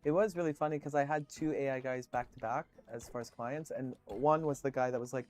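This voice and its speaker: A man's voice: medium pitch, fast, few pauses, a little mellow. A man streaming, chatting casually with viewers, telling rambling stories full of swearing and fillers.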